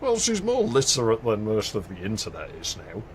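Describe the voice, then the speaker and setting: Animated man telling a story. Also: lowish voice, moderate pace, a little hiss or hum. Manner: animated storyteller, laughs often. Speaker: streamer. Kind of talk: casual chat while playing a game.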